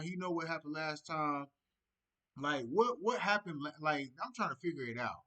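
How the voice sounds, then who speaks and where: Animated young man reacting loudly. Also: a little high, moderate pace. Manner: animated, loud interjections, slangy. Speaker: reaction video host. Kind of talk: casual reaction commentary.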